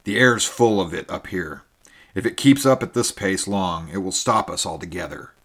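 A man voicing an impatient, furious lord who shouts curses at his riders and horse, in a storybook reading. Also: low-pitched, normal speed. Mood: angry.

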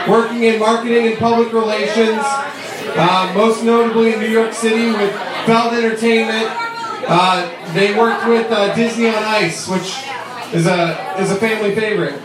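A man reading a guest introduction at a pub event, with halting pauses. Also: high voice, fairly even intonation. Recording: echoey pub, distant mic, crowd.

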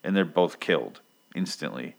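Man, very low voice, casual profane recap vlogger, rambling delivery. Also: lively intonation, normal speed, gravelly. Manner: rambling, profane, lots of ums. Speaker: comic book recap vlogger.

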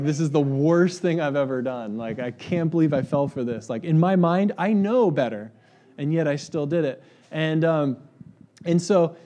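A man's voice: a little high, mellow. A man in his thirties preaching a sermon as a pastor, telling a story in a chatty, self-mocking way with many fillers.

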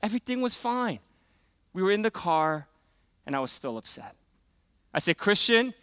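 A middle-aged man preaching a sermon, telling a personal story in a casual, conversational way and dropping to a hush for emphasis. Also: high voice, very animated, normal speed, pauses often, clean tone, no echo. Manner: conversational storytelling, many fillers, drops to quiet for emphasis. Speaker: pastor.

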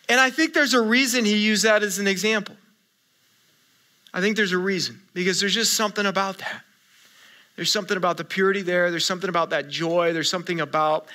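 A man preaching a conversational sermon in church, telling stories in an animated way with frequent restarts. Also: high-pitched. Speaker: pastor. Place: church sanctuary.

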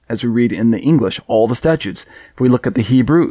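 A man's voice: mid-range voice, expressive, quick pace, dark tone, breathy edge, no echo. A man teaching a scripture study, reading verses aloud and Hebrew passages in a conversational way with fillers. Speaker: Bible teacher.

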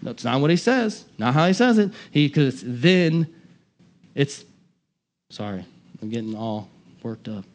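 A man preaching a sermon as pastor, impassioned, swinging from loud emphatic lines to quiet asides. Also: medium pitch, animated, a little slow, pauses often.

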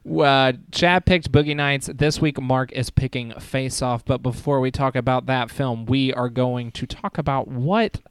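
A man's voice: mid-range voice, steady tone, measured pace, few pauses, clean tone, no room sound. Upbeat joking male podcast host. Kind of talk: casual chat.

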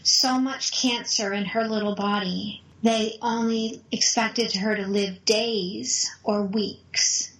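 A middle-aged woman, a mother, telling a personal family story in an animated, emotional way. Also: medium pitch, takes it slowly, hardly any pauses, low-quality recording.

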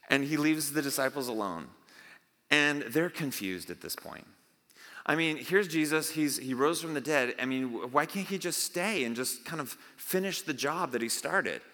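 A man's voice: a little high, normal speed, pushed and bright, long reverb tail. A man preaching a casual sermon as pastor, talking conversationally, acting out reactions and often restarting his sentences. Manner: conversational, acts out disciples' reactions, repeats and restarts. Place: church sanctuary.

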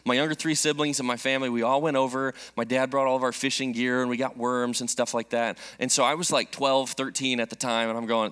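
Bright-voiced pastor telling a story. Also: male voice, mid-range voice, fast talker, clear, resonant tone. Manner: storytelling, animated and jokey. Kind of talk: sermon.

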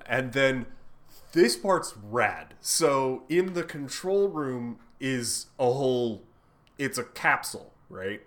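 A man's voice: medium pitch, takes it slowly. A man co-hosting a podcast, retelling a comic story in casual chat, laughing often and swearing freely. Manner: laughing, profane, animated retelling. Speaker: podcast co-host.

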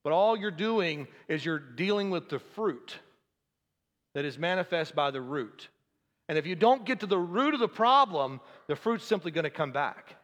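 A man's voice: a little high, lively intonation, moderate pace, a bit bright, in a large hall. A male pastor preaching a sermon, building to fervent, emphatic passages and easing back to a conversational tone with the congregation.

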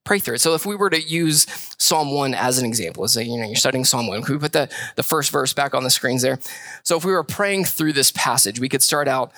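Young preacher man, chatty sermon, bright voice, dry close sound. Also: mid-range voice, a little fast, no room sound. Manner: conversational preaching with repeated phrases. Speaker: pastor.

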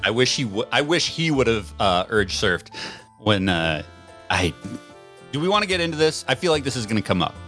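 A man's voice: medium pitch, very animated, normal speed, a bit bright, faint music behind. A man hosting a casual podcast, wry and rambling, with frequent fillers. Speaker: podcast host.

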